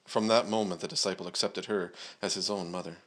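A man preaching at a church service, praying and then reading scripture aloud in a measured way, with frequent "uh" and "um" fillers. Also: deep voice, steady tone, a bit bright.

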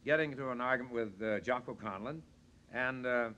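A man guest on a 1960s television variety show, telling lively stories with a gruff, animated storyteller's manner. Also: mid-range voice, normal speed, dull audio. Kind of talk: anecdote-telling chat. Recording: 1963 studio show, audience behind.

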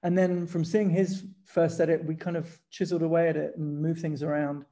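An English man, a guest photographer in a casual conversation, chatting in an animated, storytelling way and laughing as he goes. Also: fairly high pitch, brisk. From England.

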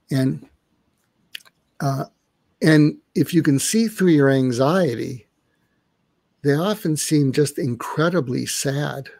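Gravelly older man explaining calmly. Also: medium pitch, dry recording. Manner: role-plays inner dialogue to illustrate. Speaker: psychiatrist guest. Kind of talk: conversational interview. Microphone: online live stream.

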